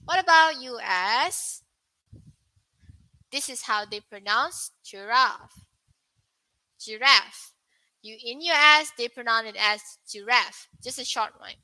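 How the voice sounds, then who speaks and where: A young woman teaching an online English pronunciation lesson, asking viewers questions and repeating words slowly. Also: a little high, animated, bright, forceful tone, no echo, low-quality recording. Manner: slow, repetitive, questions to viewers.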